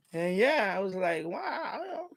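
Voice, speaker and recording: A man's voice: high voice, dry recording. A middle-aged man hosting a live stream, telling stories in a rambling, casual way, laughing often and repeating himself. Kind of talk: casual storytelling monologue.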